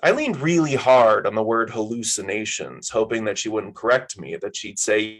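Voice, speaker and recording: A man's voice: fairly low pitch, lively intonation, normal speed, few pauses, rough recording. A man reading his own fiction aloud at a story hour, in a casual, wry first-person style.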